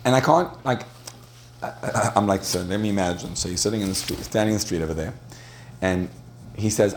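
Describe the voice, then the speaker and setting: A man with a lowish voice gives a storytelling talk to an audience. He speaks in a loose, conversational way, often stumbling and restarting. He laughs between points, and a faint hiss sits under the recording. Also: brisk, vocal fry. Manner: chatty, with frequent restarts and laughter.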